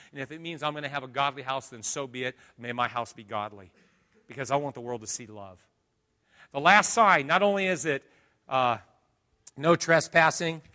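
A male pastor preaching a sermon, swinging from hushed lines to loud dramatic ones. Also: on the high side.

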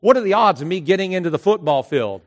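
High-voiced man telling a lively story. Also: quick pace. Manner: animated anecdotal storyteller, repeats catchphrase. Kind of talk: storytelling talk to an audience.

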